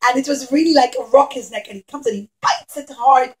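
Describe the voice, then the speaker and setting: A woman telling a puppet show story to young children, animated and talking straight to them. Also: sits high, brisk, very noisy.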